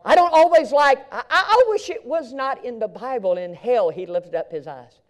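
A man preaching a sermon at a live event, swinging from hushed near-whispers to shouting with a fervent, repetitive cadence. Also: extremely high pitch, animated, moderate pace.

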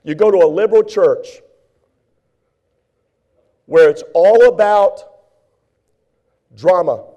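Male preacher, high-pitched, folksy sermon delivery with playful asides. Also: slow pace, pauses often, warm tone, lo-fi sound. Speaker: pastor.

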